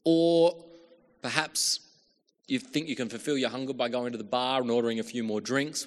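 A man preaching a sermon, telling a story and acting out quotes, from hushed asides up to loud calls. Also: medium pitch, fairly even intonation, moderate pace, long reverb tail. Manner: storytelling with acted-out quotes, shifts from hushed to calling out.

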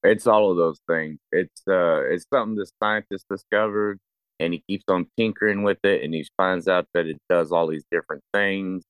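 A man's voice: deep voice, clear, resonant tone, no echo. A man co-hosting a casual film chat, rambling, swearing freely, and restarting his sentences. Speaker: podcast co-host.

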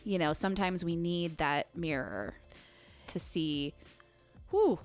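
A woman in casual podcast chat, telling a story with animated quoted voices and frequent laughs. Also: fairly low pitch, takes it slowly, faint music behind.

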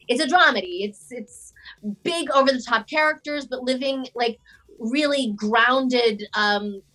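A woman's voice: fairly high pitch, unhurried, pushed and bright, poor audio. A woman actress chatting as an interview guest, talking in loose, chatty sentences full of fillers and restarts. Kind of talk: casual interview chat.

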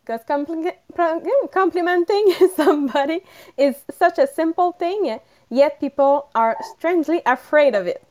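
A woman's voice: high-pitched, a little slow, a little mellow. A woman with a French accent, co-hosting a live podcast, cheerful and giggly as she talks listeners through a list of tips. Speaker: podcast co-host. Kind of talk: casual live podcast talk.

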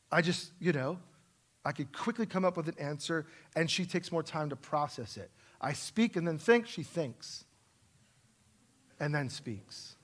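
High-voiced emphatic male preacher. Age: middle-aged. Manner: emphatic and self-deprecating, swings between loud stresses and soft asides. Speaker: pastor. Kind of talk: sermon. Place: church sanctuary.

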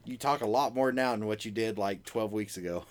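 A man's voice: lowish voice, a little fast. A man co-hosting a podcast in casual chat, laid-back and teasing. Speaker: podcast co-host.

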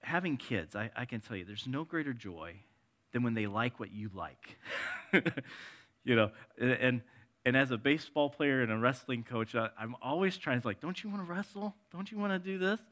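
Bright-voiced male preacher. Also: mid-range voice, lively intonation, moderate pace. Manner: conversational, shifts between soft and emphatic; reads scripture passages aloud. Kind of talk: sermon.

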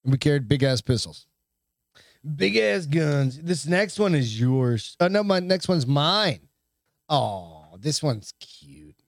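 A man's voice: medium pitch, sing-song, a little slow, no room sound, clean studio sound. A man co-hosting a casual podcast, swearing freely and stumbling as he reads a news story aloud. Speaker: podcast co-host. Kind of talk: casual chat.

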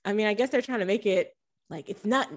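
A woman's voice: medium pitch, fast talker. A woman guest on a podcast, reflecting on a film and voicing her doubts about it. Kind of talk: casual film discussion.

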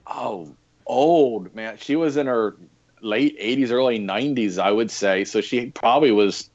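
Unhurried and medium-pitched, a man on a podcast as a guest tells stories in a casual interview, relaxed and full of fillers. The sound quality is dull lo-fi.

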